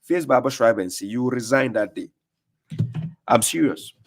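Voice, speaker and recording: Male online preacher, combative commentary, mocking tone, rhetorical questions, mid-pitched voice. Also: animated, normal speed, slight background noise. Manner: laughs in scorn. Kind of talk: combative commentary on video clips.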